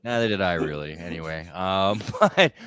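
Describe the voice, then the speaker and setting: A man's voice: deep voice, normal speed, a bit bright, clear, resonant tone. A man hosting a casual interview, joking and laughing often. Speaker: podcast host.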